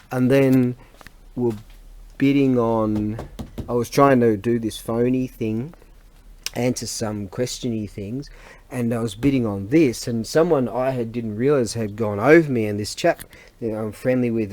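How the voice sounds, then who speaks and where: A man's voice: medium pitch, darkish tone. A middle-aged man, chatting casually and rambling in a vlog, often losing his thread and laughing. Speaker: vlogger and antiques seller.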